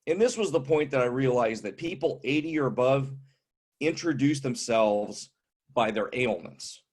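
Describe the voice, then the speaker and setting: A man in his fifties doing stand-up comedy with wry, deadpan setups. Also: medium pitch, moderate pace. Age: 50s.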